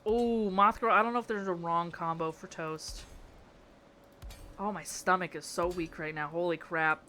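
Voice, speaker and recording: Bright-voiced woman streamer chatting with chat. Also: lowish voice, fairly even intonation, moderate pace, slight background noise. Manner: playful, exasperated, reacting to chat with frequent laughter. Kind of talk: casual live-stream chat while building in a game.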